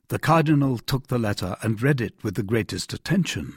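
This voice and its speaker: A man narrating a classic novel as an audiobook, with an expressive, measured reading. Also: mid-range voice, breathy edge, dry recording, studio quality.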